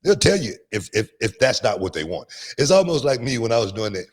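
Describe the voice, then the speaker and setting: A man's voice: medium pitch, very animated, brisk, husky. A middle-aged man, a podcast co-host, chatting casually, laughing often and repeating words as he thinks. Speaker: podcast host, former wrestler. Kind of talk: casual chat.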